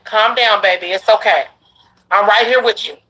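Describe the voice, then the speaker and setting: A woman's voice: medium pitch, moderate pace, noisy background. A woman hosting a talk show who soothes her guest and talks to the audience, repeating herself. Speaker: host.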